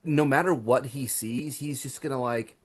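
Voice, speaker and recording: A man co-hosting a horror movie podcast, talking casually and excitedly with frequent fillers and restarts. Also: mid-range voice, moderate pace, husky. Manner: enthusiastic, many fillers and restarts. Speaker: podcast co-host. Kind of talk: casual movie review chat.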